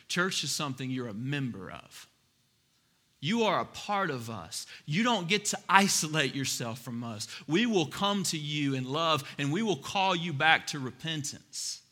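A man's voice: a little high, pushed and bright. A man preaching a sermon to his church, earnest and building to emphatic appeals. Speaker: pastor.

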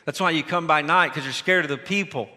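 A preacher acting out a stern grown man scolding a band of armed men, his voice high and bright as it mocks them with sharp sarcasm. The taunts ring out through a hall with a long echo. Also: fairly quick. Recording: long reverb of a large hall.

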